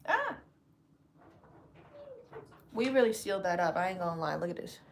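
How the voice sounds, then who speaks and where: Relaxed woman talking through a craft. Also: on the low side, normal speed, gravelly. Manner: relaxed, thinking aloud while working. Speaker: crafting vlogger. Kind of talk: casual crafting talk-through.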